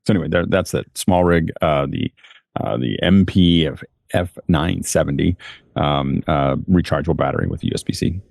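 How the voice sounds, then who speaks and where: A man's voice: very deep voice, moderate pace, creaky, a little mellow, dry recording, clean studio sound. A man on a tech podcast panel, chatting casually about gear in a rambling way with many restarts.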